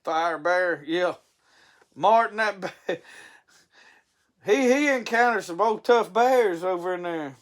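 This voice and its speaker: Man, stream host, fairly high pitch, rambling folksy chat with frequent restarts. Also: animated, takes it slowly, long pauses. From Mississippi. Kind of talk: casual live-stream chat.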